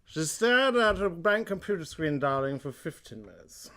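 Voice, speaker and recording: A man's voice: fairly high pitch, sing-song, moderate pace, pushed and bright, pitched above the performer's own voice. A man putting on a drunk British guy's voice to read a children's book aloud. He drawls and keeps tacking on "darling". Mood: drunken drawl. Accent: put-on British.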